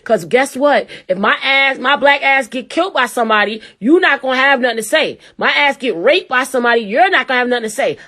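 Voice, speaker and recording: A woman's voice: high-pitched, lively intonation, fairly quick, hardly any pauses, a bit bright. Heated, profane New woman host. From New York. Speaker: show host. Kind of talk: ranting commentary.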